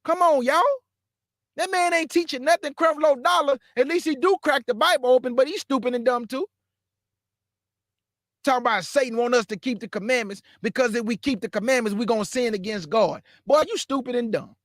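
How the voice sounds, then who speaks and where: A man preaching a fiery, blunt rant, mocking and scolding his listeners directly and sometimes bursting into shouts. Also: extremely high pitch, fairly quick, no echo, studio quality. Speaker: preacher and show host.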